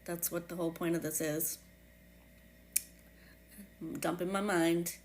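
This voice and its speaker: A woman with a New England accent hosting her own podcast, reflecting in a casual, halting way with many fillers and restarts. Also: on the low side, steady tone, a little mellow, a little hiss or hum. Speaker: podcast host.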